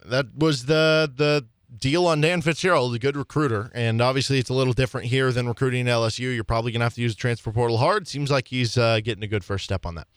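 A man's voice: mid-range voice, quick pace, few pauses, clean tone, no echo, clean studio sound. A young man hosting a sports talk radio show, telling stories in a chatty, self-deprecating way with frequent laughs. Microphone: studio microphone.

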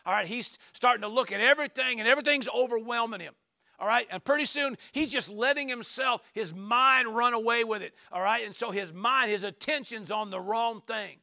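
A man's voice: very high voice, brisk, vocal fry, sharp tone, no echo. A man preaching a sermon, reading psalms aloud and breaking in with emphatic asides and calls of amen and hallelujah. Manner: reads scripture aloud with frequent asides.

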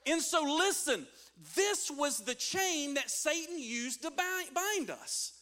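A man's voice: extremely high pitch, expressive, slow, pushed and bright. A man preaching a sermon as a pastor, reading scripture and building in intensity with call-and-response.

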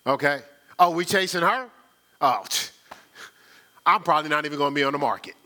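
Sermon bit: man playing purpose as a person, low and unimpressed, dry sarcasm. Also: a little fast, bright, forceful tone. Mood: sarcastic. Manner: sarcastic, dismissive.

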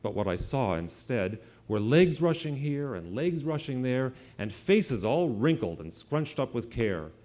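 A man, an author, reading a rhyming children's story aloud to an audience in a sing-song, lively way. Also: mid-range voice, measured pace, few pauses. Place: event hall with an audience. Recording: dull lo-fi live recording.

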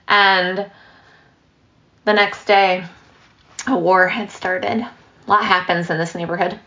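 Slow-talking woman meditation teacher, lowish voice, dull lo-fi audio. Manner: relaxed, with laughs and asides. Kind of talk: dharma talk.

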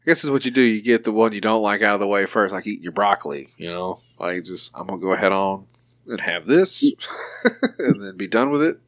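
A man co-hosting a podcast, joking crudely, swearing often and breaking into laughter. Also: fairly quick. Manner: laughs often, swears, lively swings in pitch. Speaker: podcast co-host. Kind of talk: crude comedic banter.

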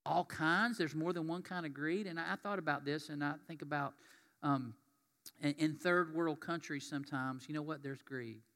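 A man delivering a sermon in a church, talking in a folksy, conversational way. His voice sits fairly high and bright. The sanctuary gives it a long, ringing reverb. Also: normal speed. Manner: folksy, conversational, reads scripture aloud. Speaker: pastor.

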